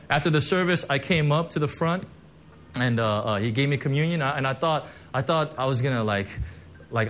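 A man's voice: mid-range voice, fairly bright tone, a little hiss or hum. A man preaching a sermon, telling a personal testimony in a conversational, emotional way with many fillers and restarts. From Korean heritage, church background. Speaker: pastor.

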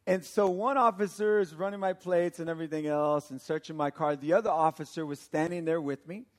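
A middle-aged man from Texas, a pastor preaching a sermon and telling a personal story in an animated way. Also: on the high side, a little fast. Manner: animated storytelling, acts out quotes with laughter.

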